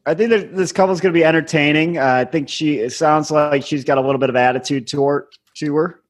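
A man co-hosting a podcast in casual chat, calm and matter-of-fact. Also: on the high side, quick pace. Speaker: podcast co-host.

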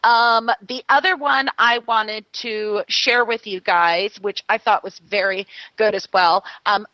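A woman's voice: medium pitch, fairly even intonation, takes it slowly, sharp tone, no room sound, lo-fi sound. A woman co-hosting a casual radio talk show, chatting and telling a story with lots of fillers. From California. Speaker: co-host.

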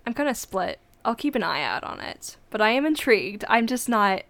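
A woman's voice: a little high, big pitch swings, moderate pace, a bit bright, no room sound. A woman co-hosting a podcast in casual chat, hesitant and thinking aloud as she talks. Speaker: podcast co-host.

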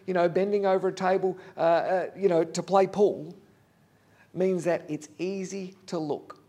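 A man's voice: high-pitched, a little mellow. A man preaching a sermon, earnest and candid, talking plainly to the congregation with fillers.

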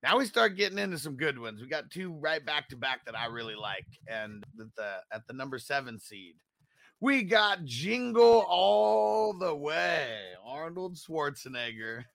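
A man's voice: mid-range voice, lively intonation, moderate pace, pushed and bright, dry recording. A man hosting a casual chat show, upbeat and laughing often as he talks to listeners about a bracket. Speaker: podcast host.

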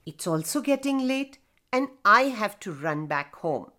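A woman voicing an excited, polite little boy who talks eagerly and earnestly. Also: mid-range voice, a little slow.

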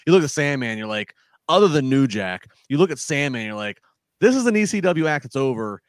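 A man's voice: mid-range voice, very animated, dry recording. A man in a casual podcast chat, rambling with frequent restarts. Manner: rambling, halting, many restarts.

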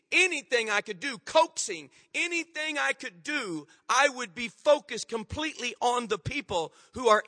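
A man's voice: sits high, pushed and bright, no room sound, big-room sound. A male pastor preaching a sermon, urging and emphatic, repeating his points for force. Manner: emphatic, repetitive exhortation.

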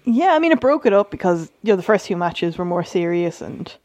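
A woman's voice: lowish voice, big pitch swings, brisk, a little mellow, no room sound. A woman co-hosting a podcast, chatting casually about wrestling with a wry, self-deprecating bluntness. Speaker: podcast co-host. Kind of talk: casual chat reviewing a wrestling show.

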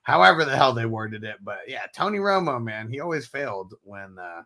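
A man's voice: medium pitch, sing-song, fairly quick, gravelly, sharp tone. A man hosting a casual morning podcast chat, rambling, swearing and laughing often. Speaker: show host.

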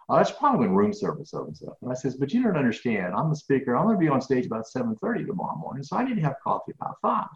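A man who is a professional speaker, telling a lively story in a podcast interview and acting out the dialogue. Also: on the low side. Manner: animated, acts out dialogue. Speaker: guest speaker. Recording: roomy, dull lo-fi sound.

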